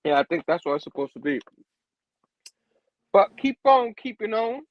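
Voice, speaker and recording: A man's voice: high-pitched, very animated, normal speed, no room sound, highs cut off. A man hosting a casual comic book review show, laughing often and saying "you know what I mean" again and again. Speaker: host.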